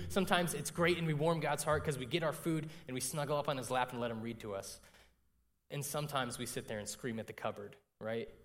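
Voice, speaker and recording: A young man preaching a sermon, telling a personal story in a conversational way and often checking in with the congregation. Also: mid-range voice. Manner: conversational, frequent "right?" asides to the congregation.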